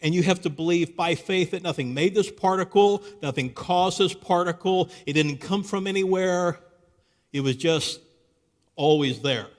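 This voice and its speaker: A man with a high voice gives a live apologetics talk in a large church hall. He tells the story as he goes and keeps asking his listeners rhetorical questions. A long reverb trails behind every phrase. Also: moderate pace. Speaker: Christian apologetics speaker.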